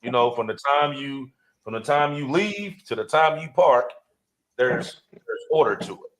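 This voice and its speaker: A man's voice: medium pitch, a little slow. A man co-hosting a casual podcast chat, a motorcycle club member explaining in a laid-back way, checking in often with his listener. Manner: laid-back, explaining with repeated "you know what I mean".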